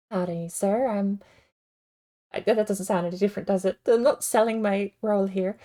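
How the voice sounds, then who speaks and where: Mellow-voiced woman streamer rambling aloud. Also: medium pitch. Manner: rambling, self-deprecating thinking aloud. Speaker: game streamer. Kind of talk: casual livestream commentary.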